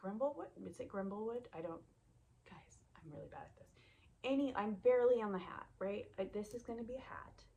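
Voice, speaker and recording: A woman hosting a knitting vlog, chatting casually and rambling, often trailing off into soft asides. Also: mid-range voice, fairly quick. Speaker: knitting podcast host.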